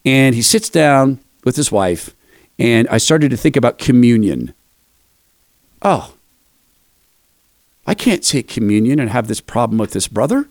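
A man's voice: medium pitch, animated, measured pace, pauses often, no room sound, clean studio sound. An older man hosting a commentary show, telling a self-deprecating story between clips.

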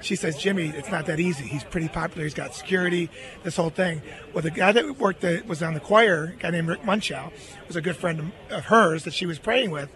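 A middle-aged man, an interview guest, telling a long personal story in an earnest, animated way. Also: fairly high pitch, brisk, crowd noise.

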